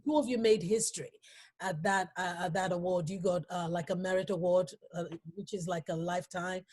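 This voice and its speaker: A woman hosting an interview, halting and emotional, with many pauses and fillers. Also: fairly low pitch, steady tone, a little mellow, slightly rough. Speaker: talk show host.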